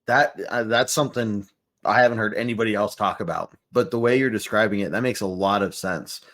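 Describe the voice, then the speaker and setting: A man's voice: on the low side, a little fast, a bit bright. A man hosting a podcast, chatting casually with a laid-back manner. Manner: laid-back, many fillers, chuckles. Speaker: podcast host. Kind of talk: casual interview chat.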